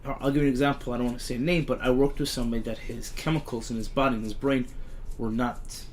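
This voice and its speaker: A man's voice: mid-range voice, level tone, fast talker, a little hiss or hum. Man telling rambling stories. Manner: rambling storyteller, frequent restarts. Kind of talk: casual chat.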